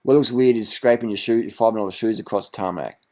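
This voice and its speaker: A man's voice: fairly low pitch, a little fast, a little mellow. A man, a cycling vlogger, giving mocking, profane reaction commentary on a video and laughing often.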